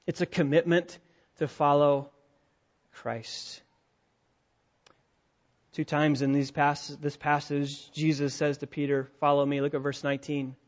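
A man preaching with a slightly higher voice, pressing his points with quick rhetorical questions. He drops to a near hush, then climbs into loud, driving passages. The recording sounds dull and lo-fi. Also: level tone. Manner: emphatic, swings between hushed and loud, rhetorical questions. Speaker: pastor. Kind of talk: sermon.

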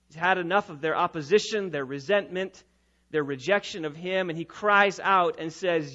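High-voiced preaching pastor, lo-fi. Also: male voice, normal speed. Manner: preaching with rising and falling intensity, sometimes loud. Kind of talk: sermon.

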